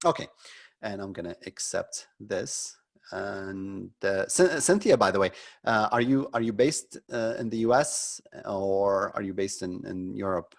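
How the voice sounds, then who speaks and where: Low-voiced man giving frank webinar critiques. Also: measured pace, creaky. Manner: frank, conversational, many fillers and restarts. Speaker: marketing consultant leading a webinar.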